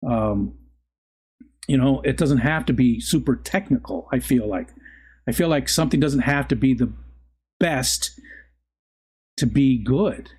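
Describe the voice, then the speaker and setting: A middle-aged man chats casually on a live stream in an easygoing, unhurried voice of ordinary pitch. He rambles from one thought to the next, often stopping to restart a sentence before carrying on. His talk stays relaxed and conversational throughout. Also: husky. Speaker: livestream host reading chat. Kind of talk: casual chat.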